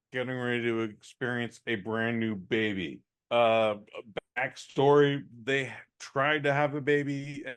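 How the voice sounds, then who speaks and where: A man's voice: mid-range voice, clean tone. Profane, rambling male podcast host. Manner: profane, rambling, exasperated storytelling. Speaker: podcast co-host reviewing a movie. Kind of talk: casual comedic movie review.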